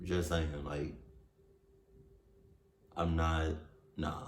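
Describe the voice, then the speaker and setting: A man's voice: extremely low pitch, level tone, drawn-out words, slight background noise. A man hosting a reaction video, talking casually with slang and swearing as he blurts out reactions. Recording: roomy echo.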